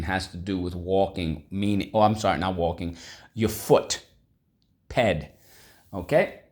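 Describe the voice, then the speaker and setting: Deep, slow-speaking male teacher. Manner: call-and-response prompting, upbeat encouraging. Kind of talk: vocabulary lesson for children. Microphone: recorded video lesson.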